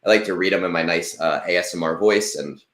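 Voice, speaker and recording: Deep-voiced chatty man in an echoey room. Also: quick pace, fairly bright tone. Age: 30s. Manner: rambling, chatty, self-deprecating, with frequent fillers. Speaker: stream host. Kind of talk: casual livestream chat.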